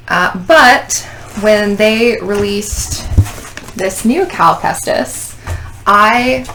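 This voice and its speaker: A woman hosts a casual unboxing chat, talking in a gushing, sentimental way with many ums. Her voice has a gravelly fry. Clear clicking noises sit behind her voice. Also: fairly low pitch, a bit bright, a little hiss or hum. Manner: gushing, sentimental fan talk with many fillers. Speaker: podcast host.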